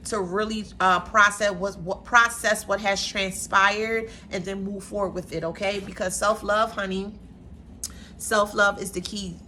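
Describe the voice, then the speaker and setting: Woman doing a tarot reading vlog, sassy and chatty, bright punchy voice. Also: medium pitch, fairly even intonation, unhurried, a little hiss or hum. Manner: sassy, chatty, playful slang. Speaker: tarot reader. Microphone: camera mic.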